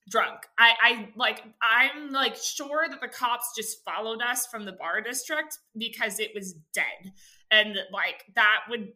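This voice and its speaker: A young woman telling a story in casual chat, animated and full of fillers, acting out what people said. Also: a little high. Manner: animated, filler-heavy, acts out quotes.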